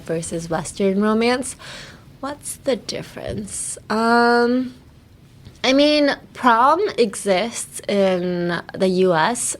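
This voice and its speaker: A young woman hosting a casual bilingual language lesson, playful and giggly, drilling words over and over. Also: medium pitch. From United States. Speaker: podcast host, English teacher.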